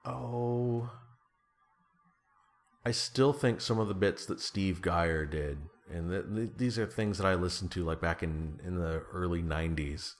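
A very low-pitched middle-aged man talks loosely and casually as a guest. He wanders through his thoughts with frequent restarts and fillers, and he pokes fun at himself. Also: measured pace. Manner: rambling, self-deprecating, trails off with fillers and restarts. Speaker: guest being interviewed. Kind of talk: casual conversation.

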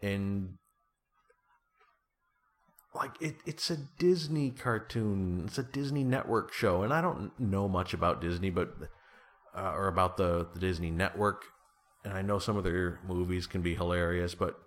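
A very low-pitched middle-aged man talks loosely and casually as a guest. He wanders through his thoughts with frequent restarts and fillers, and he pokes fun at himself. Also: a little slow. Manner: rambling, self-deprecating, trails off with fillers and restarts. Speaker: guest being interviewed. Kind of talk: casual conversation.

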